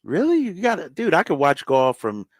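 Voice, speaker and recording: A man's voice: on the high side, normal speed, no room sound. Easygoing male sports radio co-host. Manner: earnest, relaxed, says "man" a lot. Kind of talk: casual sports talk chat. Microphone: studio microphone.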